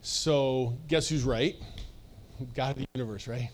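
A man preaching a sermon at a church service, casual and animated, acting out voices and laughing often. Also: mid-range voice, unhurried, slight background noise. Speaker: pastor.

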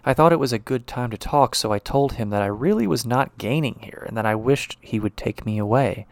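A man's voice: medium pitch, fairly quick, no echo, close to an everyday voice. A man reading the first-person lines of an anxious, confined young wife, in a hesitant, subdued way. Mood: pleading.

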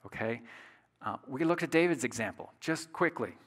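Bright-voiced man preaching in a big hall. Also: mid-range voice, lively intonation, normal speed, husky. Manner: conversational, emphatic, asks the audience rhetorical questions. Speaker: pastor. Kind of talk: sermon.

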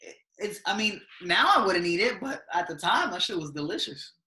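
A man's voice: high-pitched, lively intonation, moderate pace, pushed and bright, reverberant. A young man in casual podcast chat, telling stories with lots of slang and frequent laughs. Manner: laid-back slang-heavy storytelling, laughs often. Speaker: podcast host.

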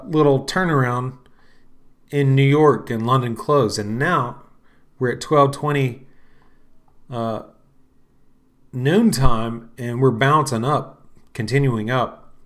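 A man, middle-aged, hosting a podcast and talking casually in a rambling, unhurried way with lots of fillers. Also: mid-range voice. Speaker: podcast host. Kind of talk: casual solo talk.

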